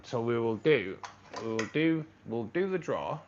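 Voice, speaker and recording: An expressive man with a mid-range voice hosts a live stream at an unhurried pace. Casual and talkative, he thanks people by name and cracks himself up with his own jokes, heard through slightly dull audio with faint background noise.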